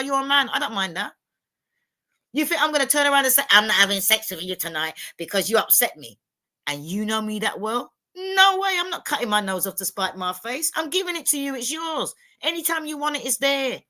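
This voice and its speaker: A woman's voice: fairly high pitch, sharp tone. A woman, telling blunt, emphatic stories as a guest on a livestream panel. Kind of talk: candid livestream chat.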